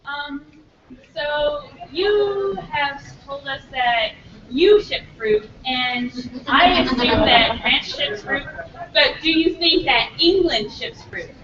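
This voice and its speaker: Brief: woman fan asking a question, high and slow, far off in an echoing hall. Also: lively intonation, a bit bright, a little hiss or hum. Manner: hesitant. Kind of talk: audience question at a panel. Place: convention panel room. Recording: echoey hall from far off, dull.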